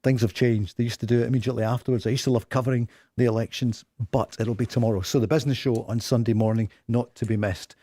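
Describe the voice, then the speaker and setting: Chatty Scottish radio football host. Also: male voice, mid-range voice, fairly even intonation, dark tone, no echo. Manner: chatty, jokey, fast-moving presenter. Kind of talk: live radio football chat. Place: radio studio with live audience.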